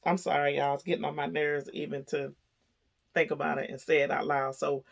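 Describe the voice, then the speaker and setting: A woman vlogger telling a story to camera, chatty and animated, laughing as she goes. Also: low-pitched, a little fast, creaky.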